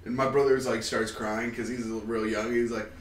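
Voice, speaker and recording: A man's voice: mid-range voice, level tone, moderate pace, reverberant, recorded from a distance, a little hiss or hum. A man chatting casually and retelling comedy bits and stories with relish. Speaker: comedian guest. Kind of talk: casual chat.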